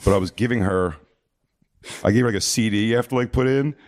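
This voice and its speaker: A deep-voiced man spins a rambling, profane story in a loose conversation, stumbling through fillers and restarts. The sound is dry and close, with no room around it. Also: quick pace, darkish tone, no room sound. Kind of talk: casual storytelling chat.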